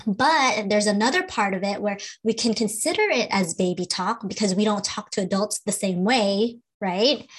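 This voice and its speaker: A woman host talking through questions about children's speech in an easy, explanatory way. Her voice sits at an ordinary middle pitch, and she lands her points with plain advice and the odd filler. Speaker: podcast host and speech-language pathologist. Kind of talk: casual podcast chat.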